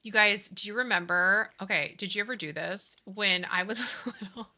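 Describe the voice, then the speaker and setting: Bright, bubbly woman streamer. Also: mid-range voice, moderate pace. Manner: animated, giggly, gushing. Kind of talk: casual chat with live chat.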